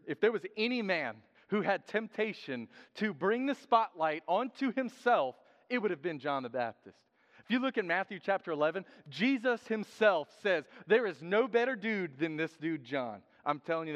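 A man preaching a sermon in a lively, joking way, acting out quotes in different voices. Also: fairly high pitch, normal speed. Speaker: pastor. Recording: dull sound with long hall reverb.

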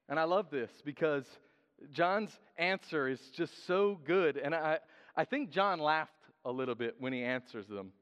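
A man preaching a sermon in a lively, joking way, acting out quotes in different voices. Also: on the high side, a little slow, smooth. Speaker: pastor. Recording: dull sound with long hall reverb.

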